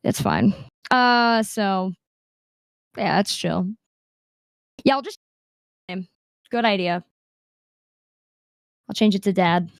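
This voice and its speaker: A woman's voice: medium pitch, slow, gravelly, long pauses, clear, resonant tone, no room sound, studio quality. A young woman guest on a video call, chatting casually with laughs and acting out the people in her stories. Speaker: guest streamer. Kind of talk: casual interview chat.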